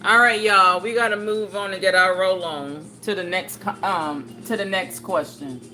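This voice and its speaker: Faint music sits behind this young woman's medium-pitched, moderately paced voice as she livestreams from home. Her chat is casual: she reads what viewers write, cracks jokes, and puts on playful voices with plenty of animation.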